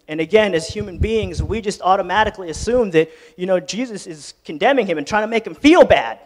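A man giving a sermon, with casual, joking asides that rise into fervent, impassioned preaching. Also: sits high. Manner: conversational, joking preaching that builds to impassioned shouting. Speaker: lay preacher. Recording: long church reverb.

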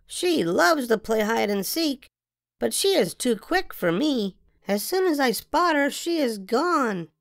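A woman reading a children's picture book aloud in a gentle, expressive storytelling manner. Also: fairly high pitch, unhurried, vocal fry, no echo, clean studio sound. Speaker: storybook reader.

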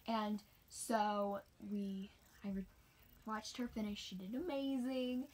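A woman's voice: medium pitch, steady tone, slow, a little mellow. Chatty young woman telling a story. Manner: chatty, rambling, drops into whispers. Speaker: homeschooled cross-country runner. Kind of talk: casual storytime.

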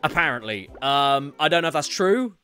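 A man chatting casually during a live game stream and reading viewer messages aloud with quick asides. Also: fairly high pitch, big pitch swings, sharp tone. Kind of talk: casual live-stream chat while gaming. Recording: faint game music behind.

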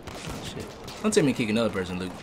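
A man streaming live gameplay, talking casually, excitable and swearing a lot, sometimes making gun-sound noises. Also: on the low side, rapid-fire. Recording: game noise under the voice. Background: loud game sound effects.

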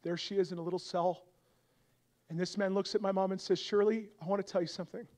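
High-voiced fervent male revivalist preacher. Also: fairly even intonation, quick pace. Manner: builds from soft storytelling to loud, high-pitched fervor. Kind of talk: sermon.

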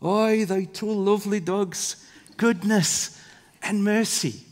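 A man voicing a simple old Scottish shepherd with a put-on Scottish accent, speaking in a homely, drawn-out way. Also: high voice, fairly even intonation. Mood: fond. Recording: long reverb of a church hall.

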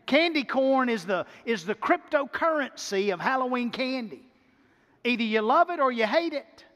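High-voiced emphatic male pastor preaching. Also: animated, normal speed, fairly bright tone, big-room sound. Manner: emphatic, repeats words for build-up. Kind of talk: sermon. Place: church sanctuary.

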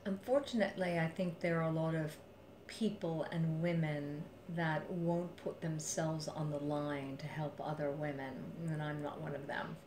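Low-voiced woman telling a story. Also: moderate pace, hardly any pauses, crowd noise. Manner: animated, quotes others in dialogue, rises to forceful emphasis. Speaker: venture investor telling a story. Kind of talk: storytelling in an interview. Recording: echoey room with faint ambient noise.

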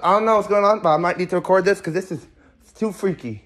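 A man's voice: sits high, fast talker, fairly bright tone, a little hiss or hum. A young man in a casual comedic monologue at home, jumpy and slangy, often exclaiming. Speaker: comedy skit creator. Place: at home indoors.

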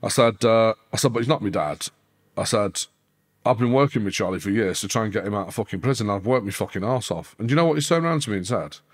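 A man's voice: fairly low pitch, fast talker, slightly rough. A man, a podcast guest telling a story casually, swearing constantly and acting out quoted dialogue. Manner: heavy swearing, animated retelling with quoted dialogue.

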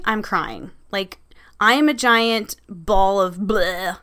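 A woman's voice: mid-range voice, slow, a bit bright, clean tone. A woman vlogger casually telling a story about her vacation, candid and laughing, swearing freely.

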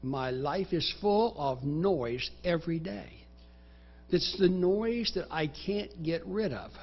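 A man preaching a sermon in a church, dramatically acting out inner voices in the first person and reciting scripture in slow, measured phrases. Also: a little high, slightly rough, highs cut off. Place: church sanctuary.

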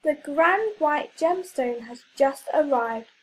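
A woman voicing a calm, kindly male school head in a children's story. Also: high-pitched, low-quality recording. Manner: calm and measured.

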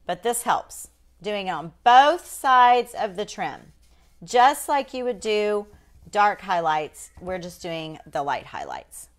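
A woman's voice: mid-range voice, big pitch swings, takes it slowly. A woman hosting a casual live painting demonstration, chatting folksily with viewers.

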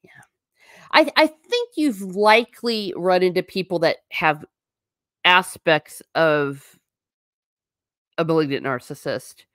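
A woman with a low voice hosts a casual livestream and muses aloud. She reads out viewer comments and now and then slips into a stern teacher tone. The sound is dry, with no room echo. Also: slow, pauses often, a bit bright. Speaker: livestream host.

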